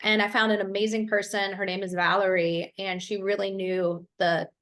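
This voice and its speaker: A woman's voice: mid-range voice, flat delivery, normal speed, fairly bright tone. A woman from Ohio, a business coach, telling her story in an interview over a video call with energy and fluency. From Ohio, USA.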